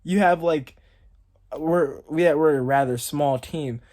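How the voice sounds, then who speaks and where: A man's voice: fairly high pitch, slow, darkish tone. Rambling young man telling a story. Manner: rambling, heavy use of "like". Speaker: storytime vlogger. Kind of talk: casual storytelling.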